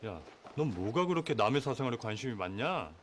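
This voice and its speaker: A man's voice: medium pitch, big pitch swings, very fast, a little hiss or hum, natural voice. An actor playing an irritated male office worker fending off questions about his private life in a TV drama. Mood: annoyed. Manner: defensive, exasperated. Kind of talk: TV drama dialogue.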